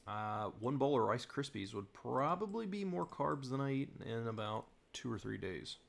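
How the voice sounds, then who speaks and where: A man's voice: mid-range voice, sing-song, moderate pace, vocal fry, a bit bright. A young man from southern Virginia, hosting a loose live-stream chat, rambling with lots of fillers as he reads and answers comments. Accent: General American with slight Southern Virginia tinge.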